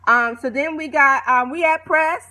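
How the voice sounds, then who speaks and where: A woman talks through a reality show episode in a loose, slangy, opinionated way, like she is catching a friend up. Her voice sits a little high and sounds bright and forward. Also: normal speed. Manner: animated, opinionated, slangy storytelling. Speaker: show recap vlogger. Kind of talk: casual chatty TV recap.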